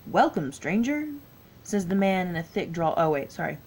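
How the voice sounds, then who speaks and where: A woman's voice: lowish voice, steady tone, a little fast, darkish tone, rough recording. A tired woman with a Southern US accent, reading a text adventure game aloud with her own asides and stumbling over long words. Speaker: gaming YouTuber.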